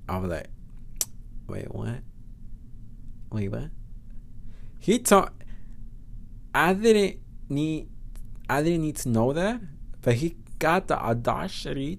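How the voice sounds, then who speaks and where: A man with a Spanish accent hosting a podcast, telling a story in a blunt, profane, chatty way. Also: medium pitch. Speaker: podcast host. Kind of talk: casual storytelling monologue.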